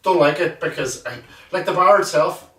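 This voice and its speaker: A man's voice: on the high side, normal speed, bright, forceful tone, distant mic. A man co-hosting a podcast, chatting casually with sweary, laughing banter. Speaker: podcast co-host. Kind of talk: casual chat. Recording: roomy, off-mic sound.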